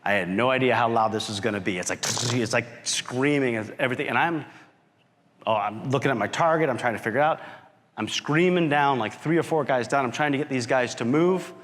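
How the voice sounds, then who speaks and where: Animated male speaker in a reverberant hall. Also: mid-range voice, fairly quick. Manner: animated storyteller who acts out quotes and shouts. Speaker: keynote speaker, company founder. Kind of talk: motivational storytelling talk. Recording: long reverb of a large hall.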